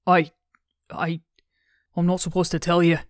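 A scared young man with no memory stumbles over his words, breaking off and restarting as he tries to answer, as a woman narrator puts him on. The voice sits low and smooth, with a dry, close sound. He stammers and halts fearfully through each reply in this storybook reading. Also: little pitch movement, a little slow, dry recording, lightly acted. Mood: hesitant.

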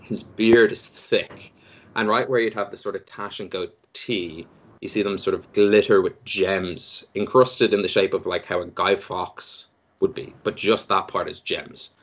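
A man's voice: sits low, fairly even intonation, measured pace, a bit bright. A man running a tabletop game as game master, describing the scene in a loose, descriptive way.

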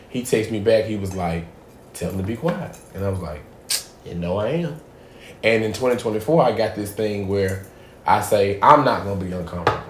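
A man hosting a casual podcast, telling a profane story with animated swings between loud bits and hushed asides. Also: fairly low pitch, slight background noise. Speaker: podcast host. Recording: echoey room.

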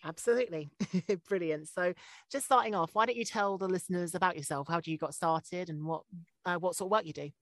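A woman hosting a casual interview, asking quick questions and laughing along. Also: on the low side, dry recording. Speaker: podcast host.

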